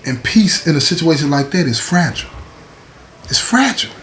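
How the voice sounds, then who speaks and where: A very animated man with a fairly high, fairly bright voice, speaking at normal speed, hosts his own show. He narrates a story casually, frequently tossing in "right?" and "you know what I'm saying," in an echoey room with a little background noise.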